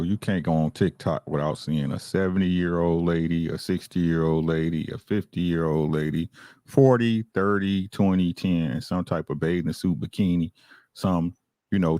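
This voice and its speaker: A man's voice: low-pitched, mellow, no room sound, studio quality. A man in a casual podcast chat, sounding exasperated and saying "bro" a lot.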